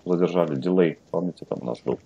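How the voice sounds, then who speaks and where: Brief: low-pitched male English tutor, native Russian speaker, reads stories aloud, then quizzes the student. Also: very fast, vocal fry, dark tone, breathy edge, muffled recording. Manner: reads a story aloud, then asks questions. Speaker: English teacher. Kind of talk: online language lesson.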